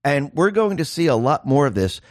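A man's voice: a little high, very animated, moderate pace, no room sound. Emphatic male commentator, dry close sound. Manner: emphatic, rhetorical questions, acts out voices of the public. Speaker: political commentary host. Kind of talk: monologue commentary.

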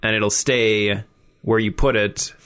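A man's voice: on the low side, flat delivery, slow pace, fairly bright tone, clear, resonant tone. A man co-hosting a podcast, a streamer who explains things at length in easygoing casual chat.

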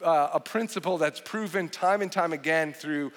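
High-voiced pastor preaching in a big hall. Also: male voice, normal speed. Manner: animated, joking storyteller with frequent restarts. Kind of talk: sermon. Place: large church hall. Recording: long hall reverb.

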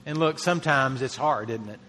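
A man's voice: mid-range voice, a little fast, sharp tone, in a large hall. A man preaching a sermon as a pastor, earnest, lifting his voice to stress key phrases.

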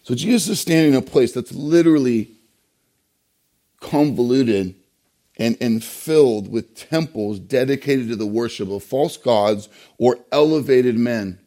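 A male pastor delivering a sermon, emphatic, with rhetorical questions and pauses. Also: mid-range voice, warm tone.

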